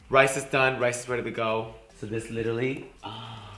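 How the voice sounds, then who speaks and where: A man's voice: medium pitch, steady tone, moderate pace, pushed and bright, reverberant, faint music behind. A man chatting his way through a cooking vlog in his home kitchen, sassy and profane, saying "like" and "literally" all the time. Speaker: vlogger cooking on camera.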